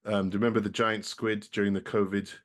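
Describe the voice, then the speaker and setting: A man's voice: on the low side, flat delivery, fast talker. A man appearing as a podcast guest, chatting casually and rambling with a self-deprecating, apologetic manner.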